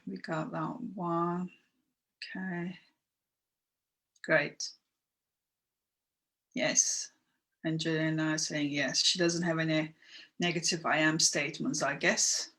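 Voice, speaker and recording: A woman's voice: low-pitched, level tone, slow, long pauses, a bit bright. A woman hosting a live online workshop, chatty and encouraging as she reads out viewers' comments and guides them. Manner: chatty and encouraging, with frequent ums. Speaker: online workshop host and coach. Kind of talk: live-streamed teaching, reading viewer comments.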